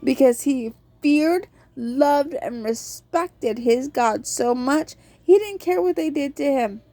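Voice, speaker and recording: A woman's voice: high-pitched, animated, slow, dark tone, no room sound. A woman hosting a podcast, giving a casual devotional talk on a Bible book and acting out quotes in an earnest storytelling tone.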